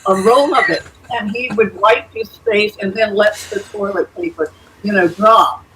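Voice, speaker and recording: Chatting casually on a video call, this elderly woman shares anecdotes warmly, chuckling along and often saying "uh" and "you know." Her mid-range voice moves at a moderate pace, and the low-quality recording has slight background noise.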